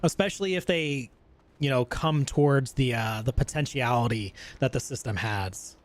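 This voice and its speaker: A male gaming streamer in casual, rambling commentary. He speaks at an ordinary mid pitch and gets enthusiastic with slangy excitement while he plays. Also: moderate pace.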